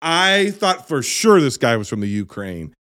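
A man in a casual movie review chat, speaking with a very lively, swooping pitch. He swears freely, laughs often and hits his points hard. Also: a little slow. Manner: animated, profane, laughing, emphatic. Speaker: podcast co-host.

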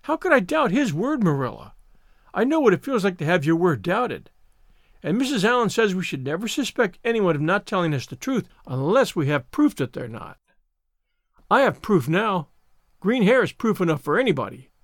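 A man's voice: sits high, sing-song, normal speed, dry recording, studio quality, exaggerated voice. A man reading the part of a dramatic, despairing young orphan girl in a storybook, full of theatrical self-pity. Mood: pleading. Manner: theatrical, self-pitying laments.

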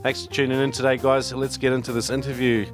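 Chatty podcast host, casual and relaxed. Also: male voice, medium pitch, quick pace, music in the background. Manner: relaxed and chatty, with frequent ums and restarts. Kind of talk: casual interview chat.

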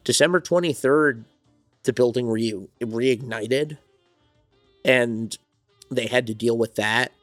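A man's voice: medium pitch, slow, long pauses, dry recording, faint music behind. A man from New Jersey, a songwriter and studio owner, telling his story in a rambling, reflective way as an interview guest. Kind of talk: casual interview conversation.

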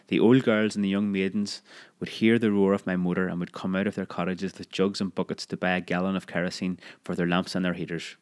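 Deep-voiced man narrating a memoir.

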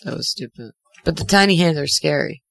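A woman's voice: low-pitched, expressive, a little fast, creaky, no echo. A woman co-hosting a casual podcast chat, telling a story with lots of fillers and laughter. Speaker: podcast co-host.

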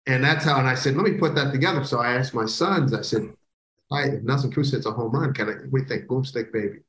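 A middle-aged male baseball broadcaster from the Philadelphia area, telling stories in a casual interview and breaking into loud catchphrases. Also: medium pitch, quick pace, slight background noise. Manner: animated storyteller who bursts into loud catchphrases. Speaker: baseball play-by-play broadcaster, guest. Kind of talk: casual podcast interview storytelling. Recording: roomy echo.

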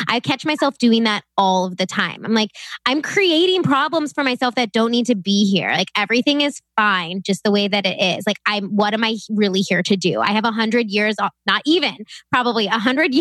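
A young woman co-hosting a podcast, chatty and laughing often, with sudden quick bursts of talk. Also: mid-range voice, fairly bright tone, dry recording. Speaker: podcast co-host. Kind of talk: casual chat.

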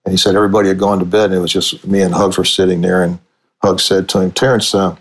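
A middle-aged man, a sportswriter and author, telling long anecdotes in a relaxed conversational way, restarting his sentences often. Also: low voice, quick pace, rough recording. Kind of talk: conversational storytelling.

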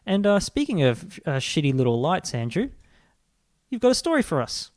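A man hosting a podcast, telling rambling, animated stories and swearing freely. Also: fairly high pitch, moderate pace, dry recording, studio quality. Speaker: podcast host. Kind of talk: casual comedic chat.

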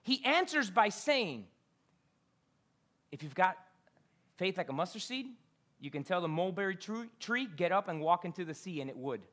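A woman preaching a sermon to a congregation. She is conversational, asks the listeners questions, and swings between loud scripture reading and quiet asides. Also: lowish voice, big pitch swings, moderate pace, long pauses. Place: church.

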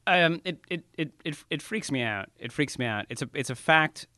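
A man being interviewed about his writing, talking casually, self-deprecating and halting with many restarts. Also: on the high side, animated, bright, forceful tone, no echo. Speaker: author guest.

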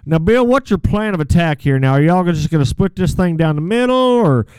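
A man's voice: a little high, expressive, brisk, darkish tone, clean tone, dry recording, lightly acted. A man playing a rambling call-in radio advice host with a put-on Texas drawl, stumbling folksily over his words. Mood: folksy. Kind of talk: comedic call-in radio sketch.

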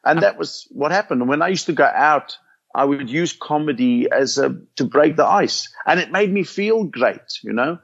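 An older South African man tells stories from his comedy career in an easygoing interview. He acts out the voices in his anecdotes with animated bursts. The sound is a little dull and lo-fi. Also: a little high, moderate pace, vocal fry, husky. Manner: animated anecdotes, acting out quotes. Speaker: comedian guest. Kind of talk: storytelling interview chat.

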